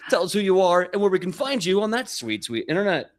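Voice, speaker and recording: Energetic man hosting a game session. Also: high-pitched, rapid-fire, few pauses, faint music behind. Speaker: game master. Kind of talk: live actual-play outro.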